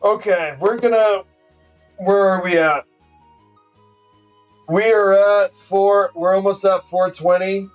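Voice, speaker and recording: A man in his forties rants with profane sarcasm at an unhurried pace. He sits a little off the microphone, with faint music playing underneath. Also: high voice, steady tone, dull audio. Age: 40s. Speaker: streamer. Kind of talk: casual ranting stream commentary. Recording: distant mic with faint music.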